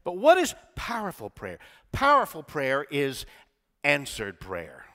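A male pastor preaches with call-and-response, his pitch rising and falling widely. His voice is bright and on the high side. A long church-hall reverb trails every line. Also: huge pitch swings, measured pace. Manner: call-and-response preaching, swings from quiet to shouting. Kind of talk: sermon. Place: church sanctuary.

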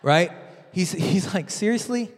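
A male pastor giving a sermon, telling stories in an animated way with frequent restarts. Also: sits high, normal speed. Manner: animated storytelling with many restarts. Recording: reverberant church hall.

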